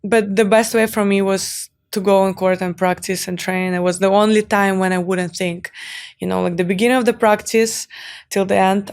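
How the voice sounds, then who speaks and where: Young woman, interview guest, smooth voice, even delivery, earnest and open. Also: mid-range voice. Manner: earnest, open, many fillers. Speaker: guest, tennis champion. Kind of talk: podcast interview.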